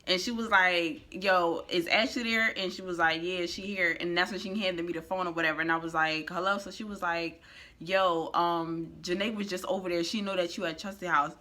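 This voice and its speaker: Bright, slightly low-voiced young woman. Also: fairly even intonation, fairly quick. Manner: laid-back, laughing retelling with swearing. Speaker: vlogger, partner in the story. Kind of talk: casual storytelling.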